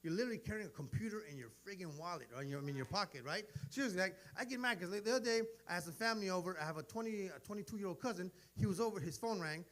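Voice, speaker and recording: A man's voice: sits high, racing, hardly any pauses, a bit bright. A man, telling stories in a brash, profane stand-up comedy set. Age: 40s. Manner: brash, profane storytelling with acted-out dialogue.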